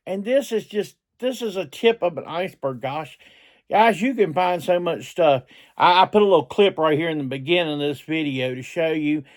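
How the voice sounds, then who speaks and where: A middle-aged man hosting a reselling vlog, talking in an excitable, rambling way and often repeating himself. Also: high-pitched. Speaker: reseller channel host. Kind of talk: casual vlog talk.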